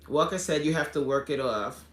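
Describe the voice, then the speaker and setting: Earnest, bright-voiced coach in an echoey room. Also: male voice, on the high side, moderate pace. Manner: earnest and heartfelt, apologizes often, frequent restarts. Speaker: fitness coach and livestream host. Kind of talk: casual livestream chat reading viewer comments.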